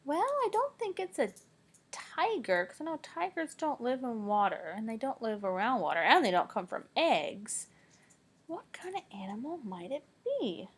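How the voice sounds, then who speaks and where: A woman teacher reading a picture book aloud to children, playful and animated, with dramatic gasps and hushed whispered questions. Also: fairly high pitch, normal speed, breathy edge. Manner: drops to whispers when asking questions.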